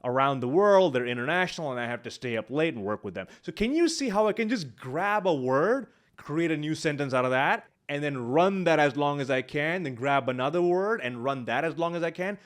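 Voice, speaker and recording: A man's voice: on the high side, animated, fairly quick, hardly any pauses. A man teaching speaking skills on video, walking through examples on the spot, recorded on a large studio microphone at his home setup. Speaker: speaking coach. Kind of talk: instructional YouTube talk.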